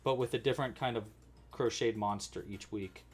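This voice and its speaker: A man's voice: fairly low pitch, moderate pace, slightly rough, soft background music. A man hosting a casual crochet-along livestream, chatty and thinking aloud as he works.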